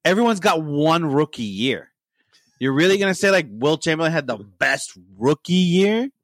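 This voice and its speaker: A man's voice: a little high, moderate pace, dry recording, studio quality. A man co-hosting a casual sports talk show, joking and arguing with loose, profane banter. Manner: animated, swearing, jokey, argumentative. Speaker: podcast co-host.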